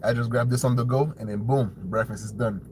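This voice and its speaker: A man's voice: steady tone, fairly quick, slight background noise, poor audio. A man hosting a commentary show, ranting bluntly with profanity and a habit of asking "right?". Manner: blunt, profane, mocks opponents in shrill put-on voices. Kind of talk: opinionated commentary rant.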